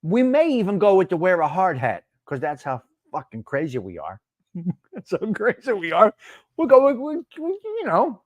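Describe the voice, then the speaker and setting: A man laughs his way through a casual live stream, answering viewers and reacting to chat with lots of animated energy. His voice sits fairly high and he speaks at normal speed. The recording is dry and close-miked.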